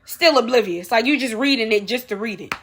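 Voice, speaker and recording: Woman going off on a rant, lots of repeated questions, high sharp voice. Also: fairly quick, soft background music. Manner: emphatic, repeats rhetorical questions, addresses viewers as y'all. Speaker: vlogger. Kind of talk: opinion rant to camera.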